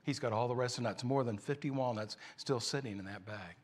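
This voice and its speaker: A man's voice: mid-range voice, fast. A man preaching a sermon, telling a story in a conversational way.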